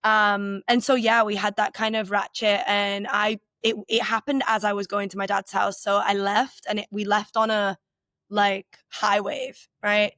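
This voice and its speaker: A woman's voice: medium pitch, little pitch movement, unhurried, a bit bright, no echo, studio quality. A woman in her thirties co-hosting a podcast, talking in a candid, rambling and emotionally open way, full of filler words. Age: 30s. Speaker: podcast co-host. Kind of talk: casual reflective conversation.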